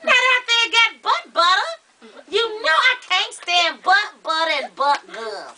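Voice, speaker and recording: A woman playing Cousin Patches, a brash, boastful middle-aged family matriarch, in an improvised comedy chat with a loud, drawling, sassy delivery. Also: very high voice, very animated, slow, noisy background, full character voice. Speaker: comedy character host.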